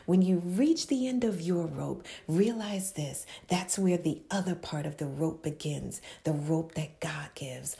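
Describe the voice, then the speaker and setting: Speaking at a measured pace in a low, creaky voice, a woman author delivers an inspirational sermon that is intimate and impassioned. She often hushes to a whisper and builds through repeated exhortations.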